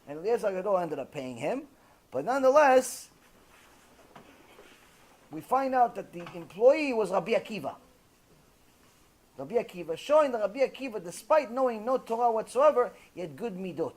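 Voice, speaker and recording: A rabbi lecturing with a high-pitched voice. He tells his story in an animated, lively way and acts out each exchange of dialogue.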